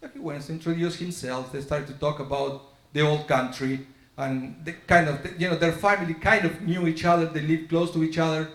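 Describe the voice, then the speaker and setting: Guy giving a sermon, slightly high voice, tells a story and plays out the dialogue, echoey sanctuary. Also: steady tone, fairly quick, a bit bright. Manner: storytelling sermon, acts out dialogue with shifting pitch. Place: synagogue sanctuary.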